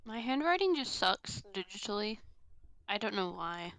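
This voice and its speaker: Bright-voiced woman, giggly and easygoing. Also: medium pitch, big pitch swings, normal speed. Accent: non-American. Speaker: guest artist. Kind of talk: casual chat while drawing.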